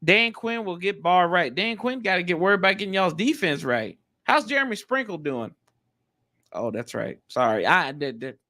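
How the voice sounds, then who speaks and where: A man with a high, bright voice hosts a casual live chat. His pitch swings widely as he reacts, and he talks in loose, slangy bursts. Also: moderate pace. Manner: animated, slangy, jumps pitch often. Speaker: livestream host.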